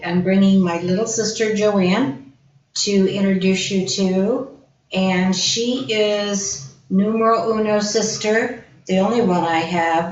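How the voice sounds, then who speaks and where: A woman hosting a casual cooking show, introducing guests with effusive praise. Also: mid-range voice. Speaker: host. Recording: roomy, distant, dull, faint hiss.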